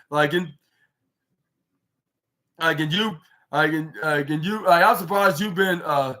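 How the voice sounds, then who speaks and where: A man with a slightly higher voice hosts a casual recap podcast. He rambles along, stacking fillers and false starts as he loosely retells what others said. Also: takes it slowly, pauses often, sharp tone. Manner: rambling with many fillers and restarts; paraphrases others in loose quotes. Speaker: podcast host recapping wrestling.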